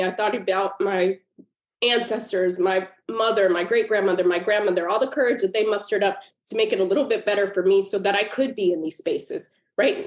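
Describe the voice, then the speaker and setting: A guest author with a medium-pitched voice shares personal stories in a podcast interview, recorded in a roomy echo. She's earnest and emotional, with laughter breaking into her telling.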